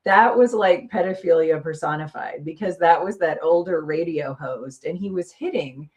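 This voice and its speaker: Low-voiced chatty woman co-host. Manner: chatty, emphatic, quick to laugh. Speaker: podcast co-host. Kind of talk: casual chat.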